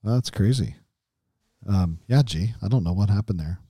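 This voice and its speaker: A man in his thirties talks through relationship advice in an easy, conversational flow, often checking in with "right?" and restarting his sentences. His voice is mellow and dark, and it sits close and dry with no room sound. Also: lowish voice, moderate pace, husky, dry recording. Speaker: co-host of a Christian marriage podcast. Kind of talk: casual teaching chat.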